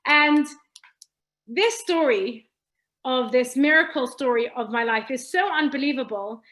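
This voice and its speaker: A woman's voice: high-pitched, measured pace, a bit bright, rough recording. A woman giving an earnest personal testimony talk, often restarting phrases and using Hebrew terms. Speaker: speaker sharing her story.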